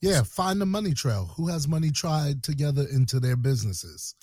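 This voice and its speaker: Lively slangy man on podcast. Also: on the high side, normal speed, slightly rough, no room sound, clean studio sound. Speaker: podcast co-host. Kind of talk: casual chat.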